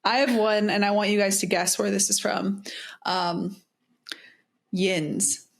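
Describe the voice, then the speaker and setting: A woman's voice: medium pitch, fairly even intonation, moderate pace, gravelly. A woman in her thirties from Kentucky, co-hosting a casual podcast chat, joking and mock-offended. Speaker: podcast co-host.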